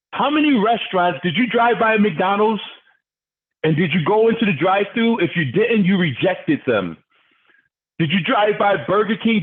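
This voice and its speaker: Fired-up man on a tinny phone line. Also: high voice. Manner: fired-up, preachy, asks the audience questions. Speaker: business trainer. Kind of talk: motivational training call.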